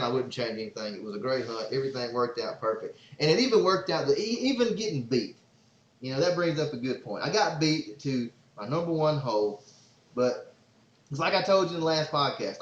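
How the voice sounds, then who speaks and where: Man, casual podcast host, excitable rambling storyteller, mid-pitched voice in a roomy, slightly muffled recording. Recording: roomy, slightly dull sound.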